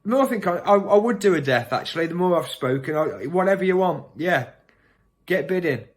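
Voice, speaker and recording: A man with a Birmingham accent pitching a prank-call service in a rambling, self-correcting comic way. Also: expressive, brisk. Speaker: comedian offering a prank call.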